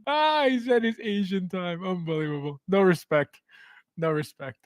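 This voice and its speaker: A man's voice: high voice, moderate pace, no room sound, studio quality. A man hosting a casual livestream from his home basement, greeting viewers by name, reading chat aloud and laughing often. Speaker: livestream host.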